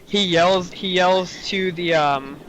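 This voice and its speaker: A man's voice: high-pitched, takes it slowly, background noise. A man running a tabletop game as game master, narrating casually with many fillers.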